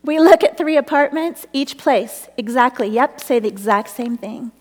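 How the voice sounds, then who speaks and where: A woman's voice: high voice, expressive, normal speed, big-room sound. A middle-aged woman telling a personal faith story, earnest and often breaking into laughter.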